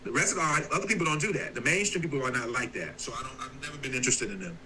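A man's voice: medium pitch, lively intonation, racing, bright, forceful tone, a little hiss or hum. A man talking offhand and rambling in casual podcast conversation, heard as a played clip.

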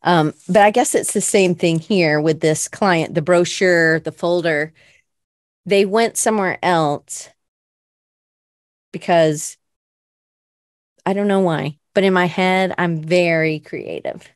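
Chatty, lower-voiced woman podcast host. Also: takes it slowly, pauses often, dry recording, studio quality. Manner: chatty, rambling, self-reflective with fillers. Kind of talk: casual podcast chat.

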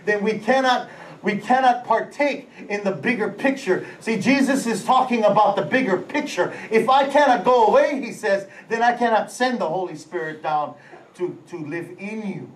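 A high-pitched man delivers a lively sermon, full of animated bursts and sound-effect words. His voice rings through a large, echoey auditorium from a distance, with faint ambience behind it. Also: normal speed, a little hiss or hum. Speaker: senior pastor. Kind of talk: live sermon. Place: large auditorium during a church service. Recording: echoey hall, voice away from the mic, faint ambience.

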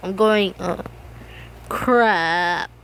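A woman chatting her way through a game, excitable and quick to yelp or shout at other players. Her voice is bright and edged with gravelly fry. Faint noise hums underneath. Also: mid-range voice. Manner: hums and sings little tunes while playing. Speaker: gamer. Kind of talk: casual gameplay commentary.

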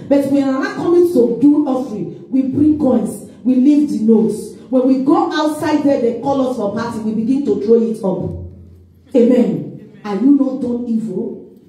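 A woman's voice: a little high, dark tone. A woman evangelist preaching a sermon in call-and-response style, asking questions and answering them herself, recorded in a church hall. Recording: echoey room, distant mic, faint music.

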